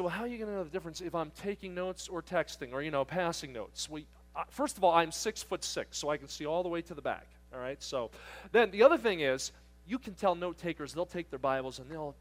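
A man's voice: fairly high pitch, a bit bright. A middle-aged man from southern New Jersey preaching to teens at a camp, joking but firm and conversational. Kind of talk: sermon to teens.

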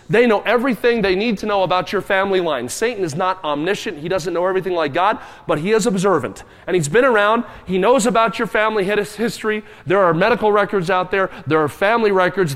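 Emphatic preacher man, high voice. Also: in a large hall. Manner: dramatic, emphatic, acts out cries and quotes. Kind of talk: sermon. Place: church sanctuary.

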